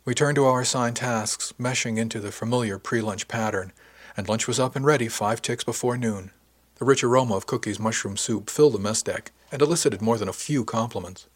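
A man reads a first-person audiobook with steady, even storytelling. His voice is husky and sits at an ordinary pitch for a man. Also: fairly quick. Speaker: audiobook narrator. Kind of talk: first-person scripted narration.

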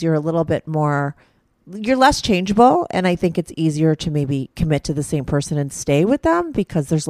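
Frank, low-voiced woman podcast host. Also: darkish tone, no echo, studio quality. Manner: frank, swears casually, filler-heavy. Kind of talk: casual chat.

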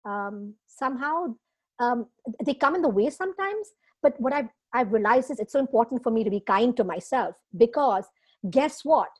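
As a guest in a casual interview, a woman talks at a normal pace in a voice on the high side. She's expressive and emotional, with frequent laughs and many filler words.

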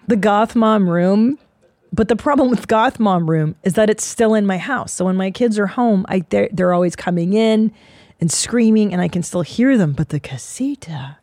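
Woman host, 40s, gravelly and dry, swears freely in a rambling solo monologue. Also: mid-range voice, a little mellow, no room sound. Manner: profane, rambling, self-mocking. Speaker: podcast host.

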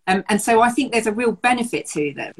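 A woman running coach in a casual talk, speaking in a reflective, measured way with gentle laughs. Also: a little high, lively intonation, rough recording. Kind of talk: casual chat.

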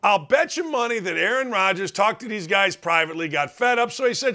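A man's voice: high voice, lively intonation, brisk, few pauses, sharp tone. A middle-aged man hosting a sports talk show, delivering a blunt, emphatic, sarcastic monologue. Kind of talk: opinionated monologue.

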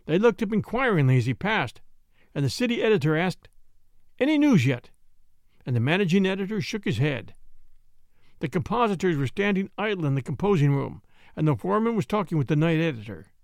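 A man narrating a story in an expressive, scripted reading. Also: fairly high pitch, quick pace, no room sound, studio quality. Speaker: audiobook narrator.

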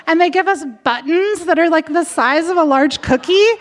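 A woman's voice: extremely high pitch, normal speed, a little hiss or hum. A woman telling a personal story in a candid, chatty way, full of fillers.

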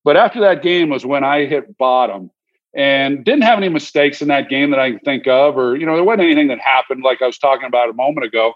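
A man's voice: mid-range voice, expressive, quick pace, dull audio. A man in his fifties, a guest on a podcast, telling a story in a reflective, candid way with many restarts and repeated words. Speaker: guest, former quarterback and broadcaster. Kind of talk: relaxed interview storytelling.

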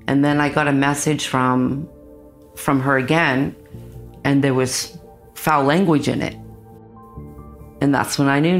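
Middle-aged interviewee, low voice, intense halting retelling. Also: female voice. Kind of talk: emotional interview recounting.

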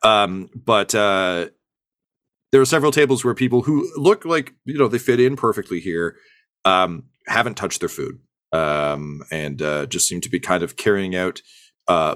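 Low-voiced game master, rambling. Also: male voice, normal speed, fairly bright tone, dry recording, studio quality. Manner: rambling, full of ums and uhs. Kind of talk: narrating a tabletop game.

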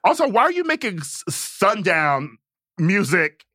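A sassy man hosting a podcast, gossiping in a bright voice that sits a little high. The sound is close and dry. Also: sing-song, measured pace, no room sound. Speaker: podcast host. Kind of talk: casual chat.

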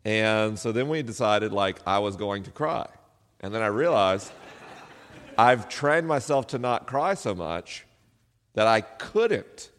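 A man's voice: on the low side, lively intonation, slow pace, a bit bright, a little hiss or hum. A middle-aged man, a podcast host, telling a personal story live to an audience, self-deprecating and laughing often. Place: live venue. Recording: live hall with long reverb.

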